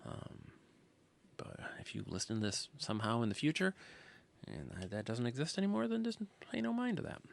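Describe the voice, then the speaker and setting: A man hosting his own podcast, telling a rambling story casually and often dropping to a hushed near-whisper. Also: mid-range voice, huge pitch swings, brisk, vocal fry. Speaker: podcast host.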